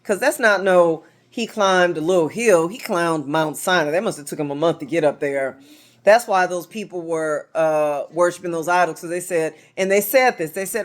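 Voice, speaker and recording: An American woman giving an informal Bible teaching to a small group at home, animated, acting out quotes as she talks to the room. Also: fairly low pitch, normal speed. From United States.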